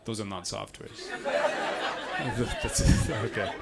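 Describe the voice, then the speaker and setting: A man's voice: on the low side, expressive, extremely slow, gravelly, heavy background noise. A man doing stand-up crowd work, teasing audience members and laughing often. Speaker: stand-up comedian. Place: comedy venue stage. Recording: loud crowd in a live venue.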